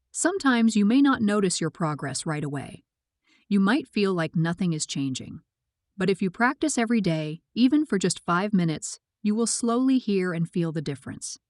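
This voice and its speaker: A woman narrating a scripted English pronunciation lesson, speaking slowly with clear, careful articulation. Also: medium pitch, a little mellow, no room sound, studio quality. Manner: slow, clear, carefully articulated teaching delivery.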